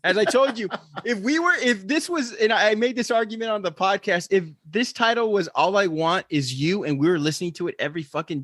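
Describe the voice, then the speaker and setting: A man's voice: high-pitched, a bit bright, dry recording, studio quality. A man from Texas, co-hosting a casual podcast chat, laughing often and swearing casually. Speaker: podcast co-host.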